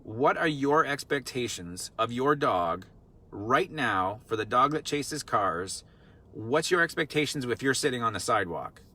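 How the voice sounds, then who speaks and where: A man's voice: mid-range voice, animated, measured pace, sharp tone. A man working as a dog trainer, explaining in a casual teaching talk, earnest and repetitive, full of rhetorical questions. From Vermont.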